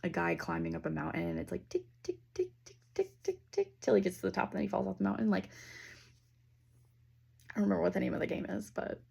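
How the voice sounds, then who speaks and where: Gravelly husky woman giving a reading. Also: lowish voice, level tone. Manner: loose and chatty, with fillers and casual swearing; slows down and softens into near-whispers. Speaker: intuitive reader. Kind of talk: casual spiritual reading with guided breathing.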